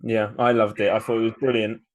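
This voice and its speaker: A man's voice: fairly low pitch, level tone, fast talker. A man co-hosting a podcast, chatting animatedly, laughing often and swearing casually. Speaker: podcast co-host. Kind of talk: casual wrestling review chat.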